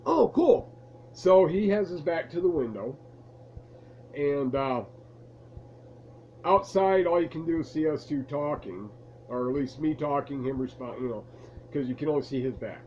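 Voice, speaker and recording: His voice is a little high and slightly mellow, expressive, at a moderate pace with frequent pauses. A vlogger in a lamp-lit room at home, he casually rambles through an amused story from his past to camera, and the muffled audio carries some hiss or hum.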